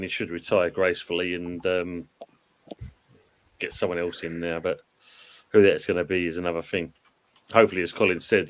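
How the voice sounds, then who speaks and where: Low-voiced man chatting about football. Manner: rambling, hesitant, laughs often. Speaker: guest co-presenter reading viewer comments. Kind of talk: casual football chat on a live stream.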